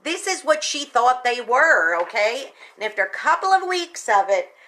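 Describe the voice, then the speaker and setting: A woman hosting a radio talk segment, retelling a story with expressive, folksy emphasis and speaking straight to her listeners. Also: high voice, normal speed, a little hiss or hum, low-quality recording. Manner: folksy, addresses listeners directly. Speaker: radio station general manager.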